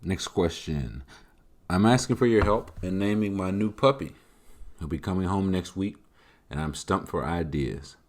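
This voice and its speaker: Deep-voiced joking podcast host man. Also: moderate pace, slight background noise. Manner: joking, animated, conversational. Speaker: podcast host answering listener questions. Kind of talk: casual chat.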